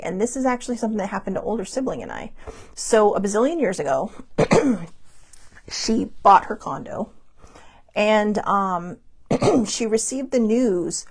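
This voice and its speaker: A woman's voice: mid-range voice, slightly rough. A woman hosting a podcast, chatting casually and rambling through stories with lots of asides. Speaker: podcast host. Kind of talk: casual storytelling monologue.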